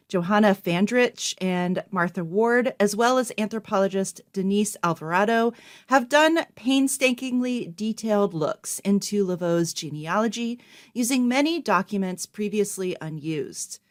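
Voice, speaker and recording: Woman co-host reading history clearly. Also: medium pitch, lively intonation, a little slow. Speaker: podcast co-host. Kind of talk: scripted history narration.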